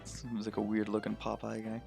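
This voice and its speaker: A man's voice: fairly low pitch, completely flat delivery, brisk, creaky, darkish tone, soft background music. A man giving casual, joking asides while voicing a game playthrough. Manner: joking, offhand. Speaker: let's play voice-over host.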